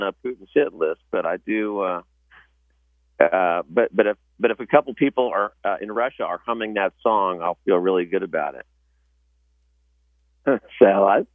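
Male musician guest, low voice, halting and restarting, dry, tinny phone-like sound. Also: lively intonation, no echo. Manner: halting, many restarts and fillers. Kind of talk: casual interview chat.

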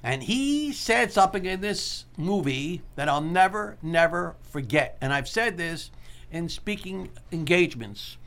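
A man hosting a call-in radio talk show, talking in an earnest, motivational way and repeating key points slowly. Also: a little high, very animated, a bit bright.

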